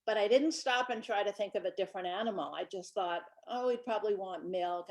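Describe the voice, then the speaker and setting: A woman in her sixties, a children's book author, chatting through stories from her life in a relaxed presentation. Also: on the low side. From Brooklyn, New York. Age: 60s. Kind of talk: casual storytelling presentation.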